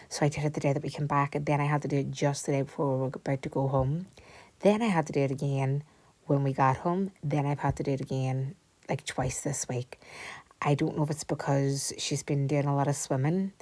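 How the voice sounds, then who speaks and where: A woman with a low, full voice tells a home story in a chatty vlog style. She sounds animated and a little breathless, and she often drops into a hushed whisper between her bursts of storytelling. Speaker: home vlogger.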